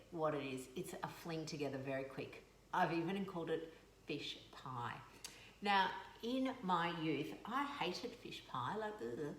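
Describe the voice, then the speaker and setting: A woman in her forties, with a lowish voice, chats effusively on a live stream and rambles through asides to her viewers. She talks into a webcam mic in a home kitchen. The room is echoey, and a steady hum of background noise sits behind her voice. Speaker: doctor hosting a live cooking and coaching stream. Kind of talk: casual live-stream chat. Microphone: webcam or phone camera mic.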